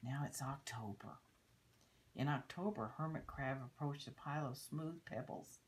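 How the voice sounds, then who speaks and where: An older woman reading a picture book aloud to children, pausing to point at the pictures and explain. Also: rumbling low, a little hiss or hum, poor audio. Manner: unhurried, stops to point out pictures and teach. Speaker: storybook reader.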